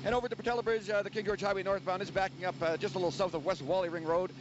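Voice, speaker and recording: Man, traffic reporter, helicopter radio link, high voice, loud engine noise. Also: fairly even intonation, muffled recording. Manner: quick, joking. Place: helicopter in flight.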